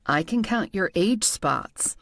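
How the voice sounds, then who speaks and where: A woman narrator voicing a blunt, bossy man with a theatrical, cutting way of talking, a bit lower than her own voice. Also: lively intonation, slow pace, gravelly, a bit bright, dry recording, clean studio sound, full character voice. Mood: sassy, blunt. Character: blunt, sassy man, bossy fashion critic.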